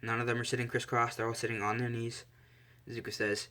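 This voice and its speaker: Bright-voiced casual male storyteller. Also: medium pitch, level tone, fast talker. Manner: rambling, self-correcting with fillers. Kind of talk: casual fan-fiction narration.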